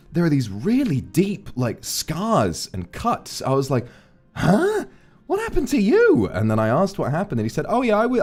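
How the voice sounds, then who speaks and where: A man streaming, telling rambling, profane stories about his friends in a casual chat. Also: mid-range voice. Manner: rambling, profane, animated anecdotes. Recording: faint background music.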